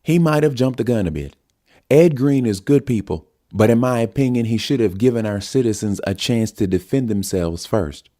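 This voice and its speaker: A man's voice: mid-range voice, animated, moderate pace, warm tone, pitched above the performer's own voice, close to an everyday voice. A man voicing a folksy, blustering male senator.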